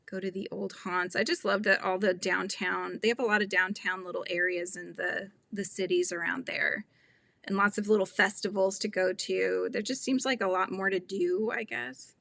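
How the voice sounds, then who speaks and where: A woman's voice: medium pitch, steady tone, normal speed, creaky, a bit bright, no room sound. A middle-aged woman hosting a casual livestream chat, laughing often and reading out viewers' comments. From Northern California. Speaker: host.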